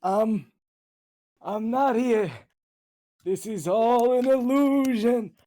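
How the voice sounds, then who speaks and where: A man's voice: very high-pitched, extremely slow, mellow, pitched above the performer's own voice, exaggerated voice. A man voicing a sneaky, sheepish male spirit squatting in a woman's mind, in a tabletop game with faint music behind. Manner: flustered, sheepish and cheeky.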